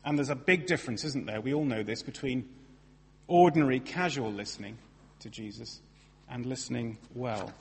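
Husky man preaching in a hall. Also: mid-range voice. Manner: lively, conversational, self-deprecating storytelling. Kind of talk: sermon. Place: church. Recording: long reverb of a large hall.

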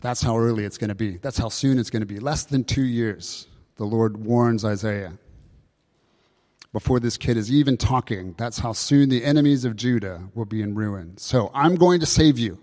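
A man preaching a sermon, explaining scripture with lively emphasis and rhetorical questions. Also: on the low side, moderate pace. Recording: long hall reverb.

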